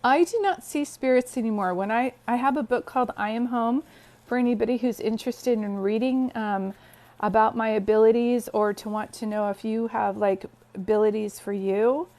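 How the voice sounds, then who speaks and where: A talkative woman sits on her bed and hosts a livestream, greeting viewers one by one. Her voice sits a little high, and she drifts easily into personal stories. It sounds like a phone recording. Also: normal speed, darkish tone. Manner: chatty, greets viewers, storytelling. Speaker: psychic medium livestream host. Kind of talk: casual livestream chat. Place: bedroom, sitting on bed.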